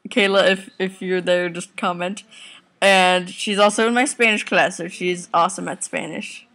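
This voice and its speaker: A woman's voice: fairly low pitch, steady tone, normal speed, a bit bright. A teenage girl chatting casually to her webcam while lying on a couch at home, rambling and giggling. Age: teens. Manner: rambling, giggly, talks to viewers and family off camera. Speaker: vlogger. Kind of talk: casual chatty video reply.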